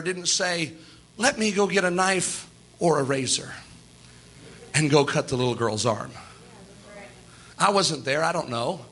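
A man's voice: a little high, sharp tone, husky. A man preaching a sermon to his congregation, emphatic, often acting out quoted voices of others.

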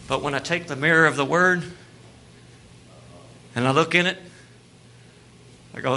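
A man preaching from the pulpit, his voice bright and forceful and pitched a little high. He drops into soft, tender passages, then builds into loud, lively storytelling. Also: a little slow, pauses often, a little hiss or hum. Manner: swings from hushed tenderness to loud, animated storytelling. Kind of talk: sermon.

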